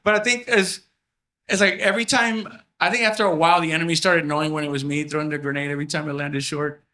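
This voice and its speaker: A man performing a stand-up comedy set at a house party, animated and acting out voices as he tells his stories. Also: fairly high pitch, fast talker.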